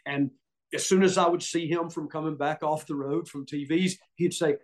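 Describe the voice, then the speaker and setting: A middle-aged man with a Southern US accent, a former wrestler guesting on a podcast, tells stories casually. His voice is on the high side at a moderate pace, and he's animated, acting out quotes and laughing often.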